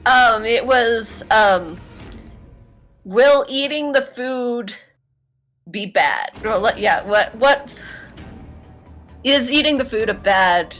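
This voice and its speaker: A woman's voice: fairly high pitch, animated, takes it slowly, long pauses, fairly bright tone, soft background music, rough recording. A woman playing a tabletop game over a video call, hesitant and thinking aloud. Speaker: player.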